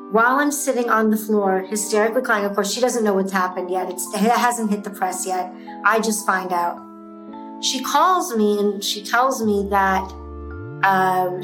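A middle-aged woman, an entrepreneur, telling her story in an interview, intense and emphatic. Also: medium pitch. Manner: intense, emphatic, swears when fired up. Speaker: guest, entrepreneur. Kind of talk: emotional interview talk. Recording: roomy echo.

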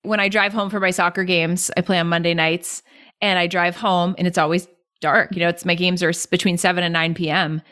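A woman entrepreneur chatting casually on a podcast, animated and quick to act out other people's words. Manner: animated, acts out quoted voices with high pitch jumps. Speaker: entrepreneur and guest.

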